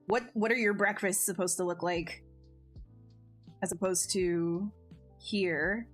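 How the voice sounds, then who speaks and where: A woman streamer chats casually with her viewers and the live chat, bubbly and talkative, laughing often and restarting her sentences. Her mid-range voice has fairly even intonation and a slow pace, with faint music in the background.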